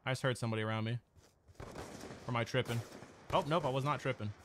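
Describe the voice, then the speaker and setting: A young man streaming a shooter game live, talking to his chat in excitable, profane trash talk. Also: mid-range voice, fast, slight background noise. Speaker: gaming streamer. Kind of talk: live-stream gameplay commentary.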